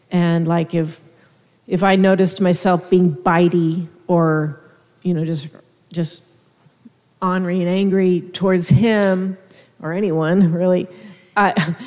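A woman, a minister's wife, telling her story at a seminar in a soft, hesitant, conversational way. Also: on the low side. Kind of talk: personal testimony at a seminar. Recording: echoey hall.

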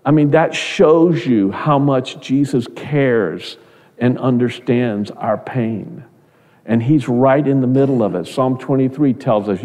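Middle-aged guy preaching, earnest, restarts words a lot, dark mellow voice, long reverb. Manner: earnest, repeats words, rises in pitch when quoting others. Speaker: pastor. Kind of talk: sermon.

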